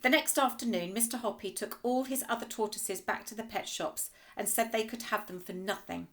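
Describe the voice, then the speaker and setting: A female teacher reading a children's storybook aloud in an expressive, lively way. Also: on the high side, brisk.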